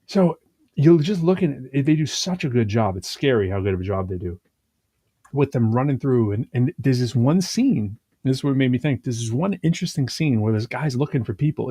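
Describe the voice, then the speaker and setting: Rambling, mellow-voiced man chatting on a podcast. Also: medium pitch, fairly quick, slightly rough, no echo, studio quality. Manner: rambling, animated retelling with many fillers and restarts. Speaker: podcast co-host. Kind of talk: casual conversational chat.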